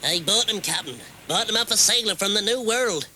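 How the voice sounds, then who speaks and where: A man doing a bright-voiced pirate crewman. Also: sits high, expressive, brisk, slight background noise, exaggerated voice. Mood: meek. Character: meek male pirate crewman. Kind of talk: comedy sketch acting.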